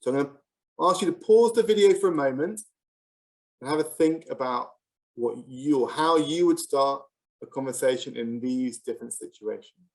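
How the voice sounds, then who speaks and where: A teacher presenting a scripted English lesson, speaking slowly and clearly and modelling example phrases for learners. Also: mid-range voice.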